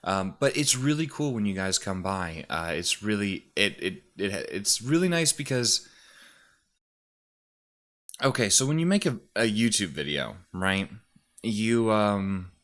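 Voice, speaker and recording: Speaking a bit slowly, this man has a fairly low, expressive voice with some brightness to it. He's a YouTuber and streamer rambling into a desk mic in a room at home, slightly breathless and sniffly, with plenty of fillers and restarts.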